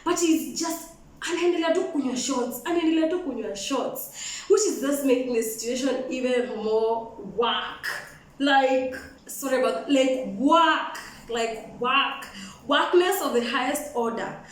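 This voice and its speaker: A young woman with a Kenyan accent telling a personal story in an animated, frank way, switching between English and Swahili. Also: high-pitched, normal speed. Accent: Kenyan, mixing Swahili and Sheng. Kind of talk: storytime vlog. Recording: echoey room, mic at a distance.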